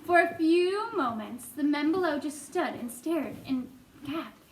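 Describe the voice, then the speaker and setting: A woman reads a children's story aloud in a high, playful voice. She keeps it animated and easy, breaking into small laughs. The room echoes around her, with a faint hum of ambience. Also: measured pace.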